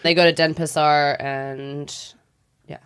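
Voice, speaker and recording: A woman co-hosting a podcast, chatty and giggly as she talks in quick bursts. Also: low voice, flat delivery, fairly bright tone, clean tone. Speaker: podcast co-host. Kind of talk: casual chat.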